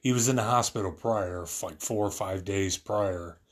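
A man's voice: low-pitched, normal speed. A man telling a personal story about his family in a rambling, earnest way, full of fillers and restarts.

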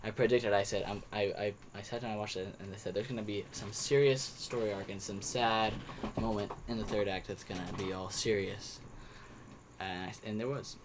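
A man's voice: lowish voice, steady tone, moderate pace, noisy background. A young man chatting casually on a podcast about movies he watched, rambling with many restarts and fillers. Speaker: podcast co-host. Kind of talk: casual movie review chat.

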